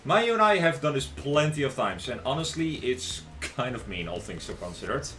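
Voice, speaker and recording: A man's voice: medium pitch, sing-song, normal speed, bright, forceful tone, echoey room, faint music behind. A man streaming live, reading a visual novel aloud in a dry, wry first-person voice.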